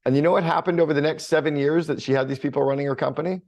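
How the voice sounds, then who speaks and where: A middle-aged man, a guest on a business podcast, telling stories in a blunt, energetic and casual way, with plenty of swearing. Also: fairly high pitch, rapid-fire, creaky. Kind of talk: casual conversational interview.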